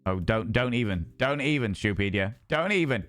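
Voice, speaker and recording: A young man streaming a dating game, reading the text aloud and joking in animated, sweary chat. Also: lowish voice, normal speed, dry recording, soft background music. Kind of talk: casual gameplay commentary.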